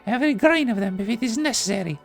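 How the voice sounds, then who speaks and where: A man voicing a grieving Italian woman in a high falsetto, with a put-on Italian accent and broken English. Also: lively intonation, fast talker, creaky, soft background music, exaggerated voice. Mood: pleading.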